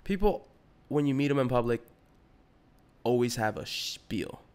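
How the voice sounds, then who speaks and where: Young man with a lively, rambling voice. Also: mid-range voice, a little slow, clean tone. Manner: rambling, slangy, profane. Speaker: podcast host. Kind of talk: casual solo podcast monologue.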